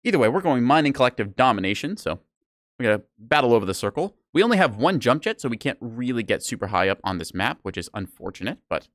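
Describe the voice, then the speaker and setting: A man's voice: medium pitch, very animated, fast talker, a bit bright, dry recording, studio quality. A man streaming a game live, chatting casually and playfully with his chat in a rambling, self-mocking way. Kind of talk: casual live gameplay commentary.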